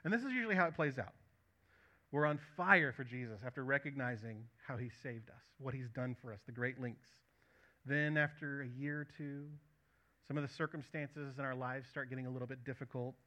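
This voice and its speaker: A man preaching a sermon as pastor, emphatic, asking the congregation questions and dropping soft at the ends of phrases. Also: mid-range voice, a little fast.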